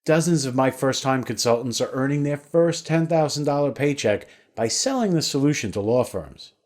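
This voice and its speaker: A man delivering a scripted sales pitch with a lively, bouncing delivery. His voice sits in a middle register and swings up and down often as he tells his story persuasively. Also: normal speed. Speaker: sales webinar presenter.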